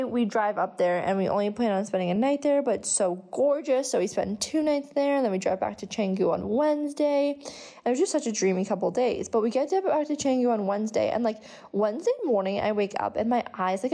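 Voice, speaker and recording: A woman's voice: fairly high pitch, a little fast, mellow. A young woman telling a casual storytime vlog, chatty, with frequent swearing and many fillers. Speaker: vlogger.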